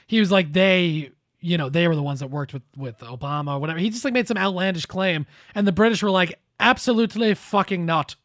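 A man's voice: a little high, fast, few pauses, no echo, clean studio sound. A man co-hosting a political podcast, casual, sarcastic and loose, with some swearing. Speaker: podcast co-host.

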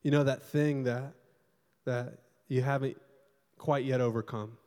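A young adult man preaching a sermon as pastor, telling stories animatedly and swinging between loud bursts and hushed, quiet stretches. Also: medium pitch, steady tone, measured pace. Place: church hall. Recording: long hall reverb.

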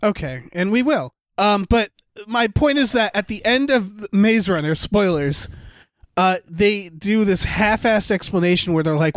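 A man with a fairly high voice rambles through a casual movie review, profane and animated in his complaints. The recording is close and dry, with no room sound. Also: a little slow, dry recording. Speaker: podcast co-host.

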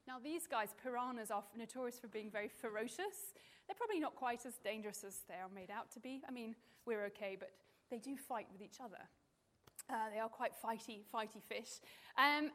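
A woman marine biologist giving a lively, playful presentation to a live audience with children, chatty and full of ums. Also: on the high side. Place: stage in front of an audience.

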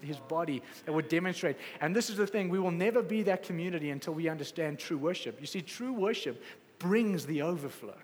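A man preaching a sermon with passion, swinging between loud exclamations and quiet, soft stretches. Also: on the high side, lively intonation, brisk, big-room sound. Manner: passionate, rising to exclamations then dropping soft.

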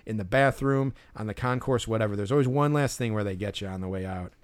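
A man's voice: lowish voice, quick pace, clean tone. A man co-hosting a podcast, telling a story in casual chat with lots of fillers and restarts. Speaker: podcast co-host.

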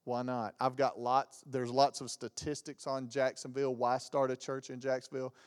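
In a church sanctuary with a long reverb tail, a medium-pitched man in his 40s from the American South preaches at a moderate pace as a guest pastor. His sermon is lively, packed with humorous anecdotes and imitated voices.

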